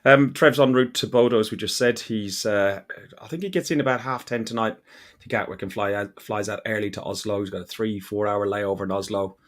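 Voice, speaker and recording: A man's voice: lowish voice, brisk. A man from Ireland hosting a casual podcast chat, talking in a chatty way and often repeating words as he starts a sentence. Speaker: podcast host.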